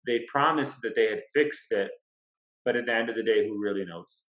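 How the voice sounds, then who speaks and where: Male guest expert, mid-pitched, methodical explainer; recording is roomy and dull, lo-fi. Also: a bit bright. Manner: explains step by step, measured and thoughtful. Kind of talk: casual interview. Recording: echoey, dull lo-fi sound.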